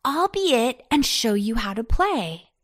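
A woman's voice: a little high, big pitch swings, measured pace, fairly bright tone, voice pushed up. A woman voicing a proud ten-year-old boy. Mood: eager.

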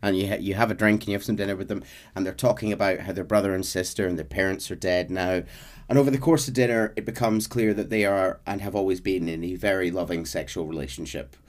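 A man co-hosting a podcast, casually retelling a game's story and slipping into quick character voices. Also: deep voice, fairly even intonation. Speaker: podcast co-host.

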